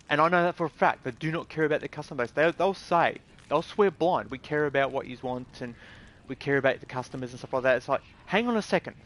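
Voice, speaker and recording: Fairly high-pitched and a bit bright, this Australian gaming video creator's voice carries a casual, indignant rant delivered in blunt words with swearing.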